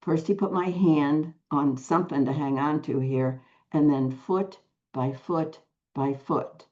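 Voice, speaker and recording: An older woman telling a personal spiritual story to a group, slow and hushed, with long pauses and soft whispered phrases. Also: low voice, muffled recording. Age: 60s or older. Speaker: spiritual teacher.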